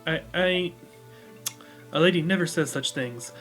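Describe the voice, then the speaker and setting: A bashful young country woman who talks in short, hesitant bits, read by a man in a fairly high voice. Faint game music sits behind her. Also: fairly bright tone, lightly acted. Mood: guarded, flustered. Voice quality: rural, halting. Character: shy, plain-spoken young country woman.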